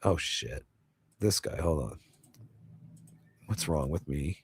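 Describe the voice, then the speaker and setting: A man's voice: a bass voice, lively intonation, slow, a little mellow, breathy edge. A middle-aged man hosting a casual livestream chat from home, rambling with many fillers and restarts and reading chat messages aloud. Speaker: host.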